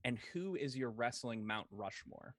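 A man's voice: mid-range voice, expressive, a little slow, a bit bright, dry recording, studio quality. A man co-hosting a casual podcast chat over a video call, rambling and hesitant as he poses questions. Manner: rambling, hesitant, many fillers and restarts. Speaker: podcast co-host.

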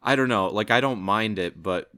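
Hesitant deep-voiced man reviewing movies. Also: moderate pace, sharp tone, dry recording, clean studio sound. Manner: hesitant, rambling, many "I don't know"s. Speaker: podcast co-host. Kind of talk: casual movie review chat.

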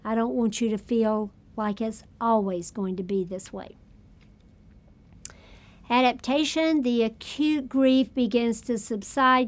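A woman nurse educator lectures on patient care with a slightly raised pitch. She speaks some passages in the first person as a patient would. On the sad words she slows right down and drops her voice. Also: steady tone.

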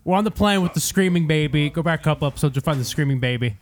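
A man's voice: on the high side, very fast. A young man hosting a podcast, telling a profane story in casual chat and acting out quotes. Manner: profane, animated, acts out quotes. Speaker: podcast host.

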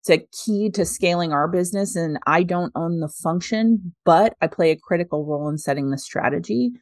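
A woman's voice on the low side, a little fast and a little mellow, in a clean studio recording with no room sound. She's a revenue executive in her thirties, a guest in a conversational interview, answering earnestly and reflectively with frequent laughs.

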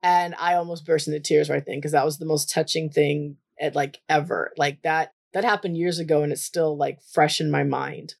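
A woman therapist telling a story from her work in a casual, animated way, leaping up in pitch when she quotes herself. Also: moderate pace, vocal fry, hardly any pauses. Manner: chatty, animated, jumps high when quoting herself. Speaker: therapist for autistic children.

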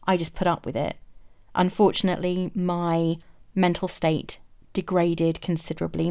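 Woman vlogger, candid first-person story, fairly low pitch, reflective and matter-of-fact. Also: darkish tone.

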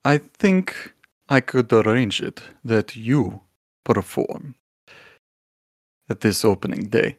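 A smooth-talking animal agent voiced by a man in a tabletop game. He speaks in a formal, scheming way. His voice is fairly low and sounds dry and close. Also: slow, pauses often, dry recording.

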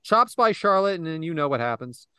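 A man's voice: on the high side, brisk, smooth, no room sound, clean studio sound. A man hosting a casual podcast chat, recapping a match play by play and calling on his co-hosts by name. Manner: animated, calls on co-hosts by name. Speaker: podcast host.

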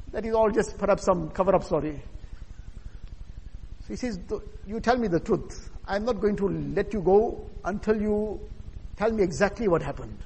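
A man's voice: sits high, darkish tone, slightly rough. A man preaching a sermon, telling a story earnestly and voicing the people in it. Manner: earnest narrative telling with quoted dialogue. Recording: long hall reverb.

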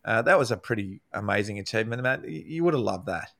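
A man's voice: on the low side, lively intonation, quick pace, a bit bright. A middle-aged man with an Australian accent, hosting a casual chat full of laughing banter. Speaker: podcast host.

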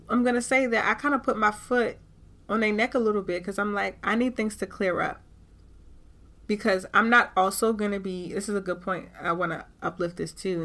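A woman with hosts her podcast in a candid, animated way and curses freely. Her voice sounds bright and forward, with a middle pitch. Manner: animated and candid, with frequent cursing. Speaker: podcast host. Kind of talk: casual spiritual talk.

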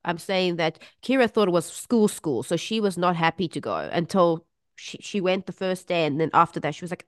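Woman on a podcast, smooth clear voice, bit low, dry close sound. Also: fairly quick, no room sound. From South Africa. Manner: animated storytelling, acts out quoted voices. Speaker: podcast co-host. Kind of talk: casual chat.

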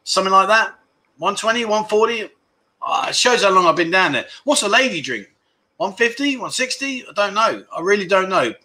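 A man's voice: high-pitched, animated, fairly quick, sharp tone. A man hosting a casual livestream, rambling frankly and calling his viewers mate as he reads out their comments. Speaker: livestream host.

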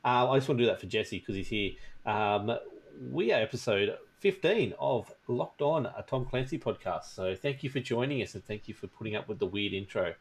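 A man's voice: lowish voice, lively intonation, a little fast, hardly any pauses, husky. A man with an Australian accent hosting a casual gaming podcast, telling stories and mimicking people. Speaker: podcast host. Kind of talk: casual chat.

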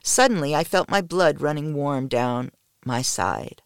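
An audiobook narrator reading a first-person novel in a measured, expressive way, dropping low at the ends of sentences. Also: smooth, no echo, studio quality.

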